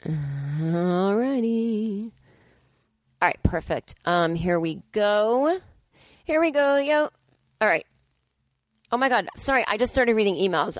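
Indoors, a middle-aged woman comedian rambles alone into a podcast mic in a casual solo monologue, cranky and profane. Her pitch is ordinary for a woman, and the sound is dry and close with almost no room echo.

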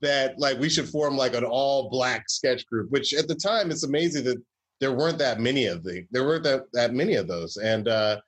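A man's voice: mid-range voice, normal speed, slightly rough. A man from Georgia, a comedy writer, telling stories in a casual interview with a wry, rambling, self-correcting way of talking. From Southern US, Georgia.

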